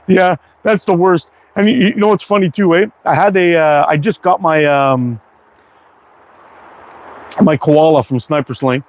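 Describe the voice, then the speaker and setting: A middle-aged man casually chatting on a livestream as he shoots, relaxed and self-deprecating. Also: on the high side, a little slow, low-quality recording. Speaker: slingshot livestream host. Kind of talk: casual live-stream chat while target shooting.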